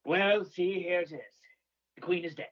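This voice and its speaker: A man playing a pompous, befuddled royal herald calling into a comedy show, speaking in a halting, over-formal way with a put-on British-sounding accent. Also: high-pitched, fairly even intonation, lo-fi sound. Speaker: caller. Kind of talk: improvised comedy call-in.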